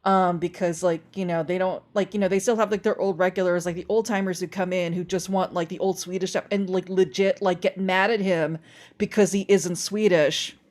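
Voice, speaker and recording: A woman guest on a podcast, telling animated stories in casual chat and filling her talk with "like". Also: fairly low pitch, brisk. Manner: animated storytelling, lots of "like".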